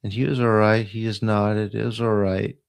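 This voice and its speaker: A man casually retelling old TV episodes in a slow, meandering way, trailing off into asides. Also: on the low side, little pitch movement, vocal fry, clear, resonant tone. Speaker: host of a live healing stream. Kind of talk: rambling casual storytelling.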